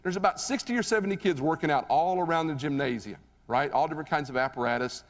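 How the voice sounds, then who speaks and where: Male keynote speaker, slightly high voice, chatty and animated, recorded live in a reverberant hall. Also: quick pace. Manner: animated, conversational, asks the audience questions. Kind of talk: live motivational speech with storytelling. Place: stage in a large hall.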